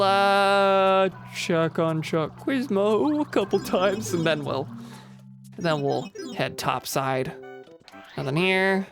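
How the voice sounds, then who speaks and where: Young woman streamer, low voice, chatty and rambly, soft game music behind. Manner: chatty, rambling, reads chat aloud. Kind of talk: casual live-stream chat while gaming. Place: home room with a vocal booth beside her.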